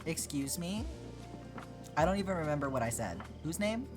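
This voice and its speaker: A chatty livestreamer talking to viewers in a relaxed, off-the-cuff way while crafting at home. The tone is playful, with mock indignation and teasing back at the chat, and music plays underneath. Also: mid-range voice, fast talker. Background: background music.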